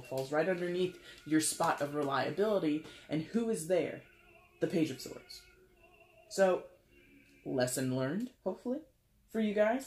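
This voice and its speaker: In a mid-range voice with a roomy sound, this tarot reader keeps the reading casual and chatty. Imagined conversations come out in lively quoted voices, with frequent laughter and side comments.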